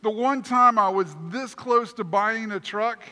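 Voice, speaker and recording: Bright-voiced pastor in a reverberant church. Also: male voice, sits high, a little slow. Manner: animated, self-deprecating storyteller. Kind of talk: sermon storytelling. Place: church sanctuary.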